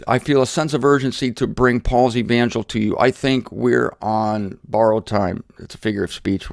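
A man's voice: medium pitch, no room sound. Guy teaching the bible, chatty and rambling, plain middle voice, dry room. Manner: conversational and digressive, with self-deprecating asides.

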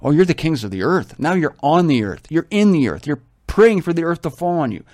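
A man's voice: a little high, very animated, a little fast, darkish tone, dry recording, clean studio sound. An older man from Ohio reads scripture aloud and breaks off into enthusiastic, rambling commentary and stories. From Ohio, USA. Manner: enthusiastic, storytelling, exclaims often. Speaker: Bible reader and commentator. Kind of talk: scripture reading with digressive commentary.

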